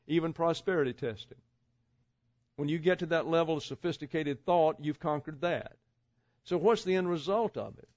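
A man preaching a sermon to his congregation, measured and posing rhetorical questions. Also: a little high, no room sound, lo-fi sound. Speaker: pastor.

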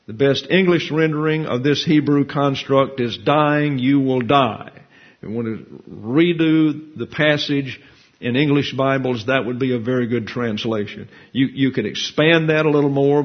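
Male Bible teacher, mid-pitched and a bit raspy, methodical lecture delivery; muffled low-fidelity recording. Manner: methodical, explains Hebrew grammar terms step by step; reads scripture and quotes from grammar books. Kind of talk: expository Bible lesson. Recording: dull lo-fi recording.

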